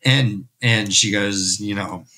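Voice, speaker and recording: A man hosting a podcast, recapping a story in an animated, rambling, jokey way. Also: on the low side, takes it slowly. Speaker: podcast host.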